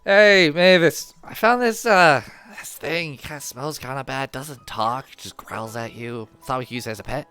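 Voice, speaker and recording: A man's voice: mid-range voice, normal speed, few pauses, bright, forceful tone, smooth, soft background music, voice pushed up, lightly acted. A man voicing Kestrel, a boisterous, goofy and strong young man with a whiny, dramatic way of talking, in a tabletop game. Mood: cheerful. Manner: whiny, dramatic, playful teasing.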